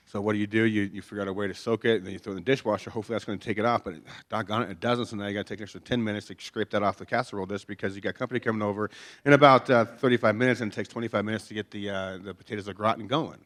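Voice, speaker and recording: A man's voice: lowish voice, fairly even intonation, racing, a bit bright. A man preaching a conversational sermon in a chapel, folksy and joking, with many rhetorical questions. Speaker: pastor. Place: chapel before a congregation.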